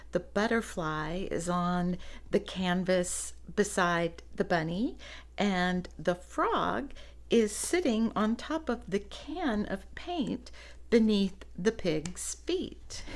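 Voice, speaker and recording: Reading a picture book to children in a medium-pitched voice, a woman softly laughs and gently draws attention to the illustrations.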